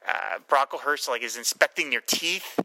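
A man talking films with a very bright, forceful tone, lively and quick to act out scenes in little quoted voices. The recording is dry and close, with no room sound. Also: medium pitch, dry recording, poor audio. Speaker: film discussion co-host. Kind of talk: casual film discussion.

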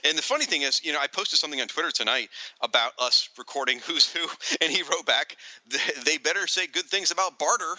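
A man's voice: fairly high pitch, fast talker, dry recording, rough recording. A man co-hosting a casual podcast, reading listener comments aloud with frequent laughter. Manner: animated, laughs often, reads comments aloud. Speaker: podcast co-host.

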